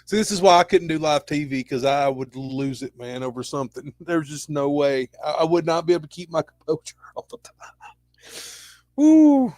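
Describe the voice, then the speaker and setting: Brief: male show host, giggly and excitable, swears freely, dry close sound. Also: fairly high pitch, normal speed, no echo. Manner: laughing, profane and excitable. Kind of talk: casual chat.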